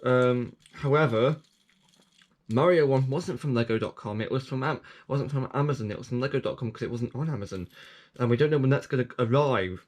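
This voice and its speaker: A channel host rambles through updates and app reviews, often restarting, correcting himself and tossing in self-mocking asides. He speaks briskly at a medium pitch, with a slightly mellow tone.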